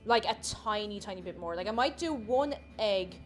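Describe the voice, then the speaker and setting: A woman's voice: medium pitch, expressive, moderate pace, soft background music. A woman chatting casually and giggling as she cooks at home and greets her viewers by name. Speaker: cooking livestreamer. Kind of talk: casual cooking livestream chat. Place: home kitchen.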